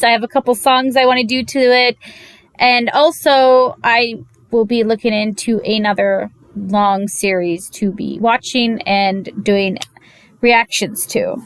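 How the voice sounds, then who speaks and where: A woman with a fairly high voice chats through an anime episode recap, animated and exasperated by turns, slipping into quick voices for the characters she quotes. The sound is dry and close, with no room around it. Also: clear, resonant tone, no echo. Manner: animated, gushing and exasperated storytelling. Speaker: anime reviewer.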